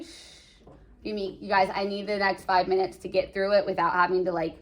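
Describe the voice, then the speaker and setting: A woman's voice: mid-range voice, flat delivery, a little fast. A woman teaching a class, chatty and joking, full of filler words. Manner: chatty, joking, lots of "like" and "you know". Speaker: English teacher. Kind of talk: classroom lesson.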